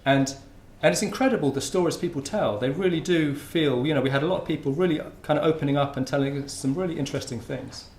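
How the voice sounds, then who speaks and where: Speaking quickly with hardly any pauses, a man from Hertfordshire, England, delivers an informal talk at a conference; he's a university researcher, and his voice is a little high and a little mellow. Restarts and fillers are frequent. The roomy lecture-room sound carries slight background noise.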